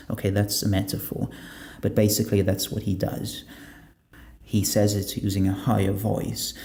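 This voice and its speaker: A man's voice: lowish voice, vocal fry, mellow. A man teaching a pronunciation lesson, asking questions and answering them himself. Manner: asks the class rhetorical questions and answers them.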